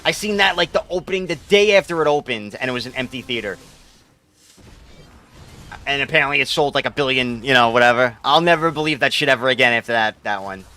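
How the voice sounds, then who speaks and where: A man's voice: mid-range voice, fast, pushed and bright. A young man, a game streamer rambling casually and profanely while he answers his chat.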